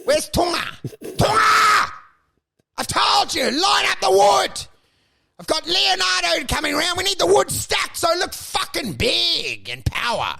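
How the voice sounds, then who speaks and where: A man puts on a spoiled, self-important actor screaming orders around his house. The voice is pushed very high and strained, with rough gravel in the yelling. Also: big pitch swings, a little slow, heavily acted. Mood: furious. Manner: shouting, bossy, crude. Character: entitled rich male actor yelling at staff.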